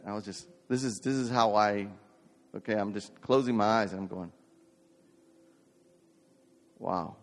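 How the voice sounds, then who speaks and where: A man preaching a sermon and telling a personal story, building to fervent preaching. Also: lowish voice. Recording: long hall reverb.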